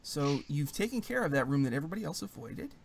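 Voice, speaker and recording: A man narrating as game master of a tabletop game, in a playful, animated way. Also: fairly high pitch, fast, vocal fry, slight background noise.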